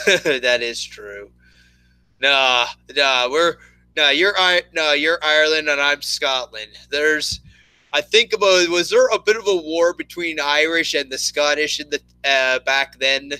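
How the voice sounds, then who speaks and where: A man with a very bright, cutting voice that sits a little high rants through a casual gaming podcast chat. He swears heavily and laughs often, and the sound is dry and close. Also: unhurried, smooth, no room sound, rough recording. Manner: profane, ranting, laughs a lot. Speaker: podcast co-host.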